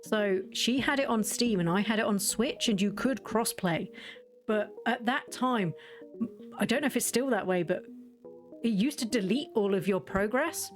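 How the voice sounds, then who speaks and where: A woman giving casual, rambling commentary while playing a video game, chatty and quick to laugh. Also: mid-range voice, soft background music. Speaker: game streamer.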